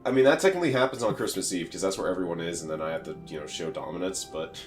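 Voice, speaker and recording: Young american dude on a podcast, kinda low voice, rambly, lots of "like" and laughing, faint guitar behind. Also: male voice, very fast. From United States. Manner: rambling, filler-heavy, laughs at his own stories. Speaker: podcast co-host. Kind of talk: casual podcast chat.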